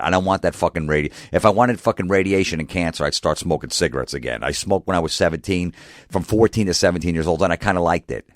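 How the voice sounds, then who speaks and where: A man with an extremely low voice rants in a profane monologue, exasperated, piling up rhetorical questions. The sound is dry and close, with no room around it. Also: no echo. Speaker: comedian.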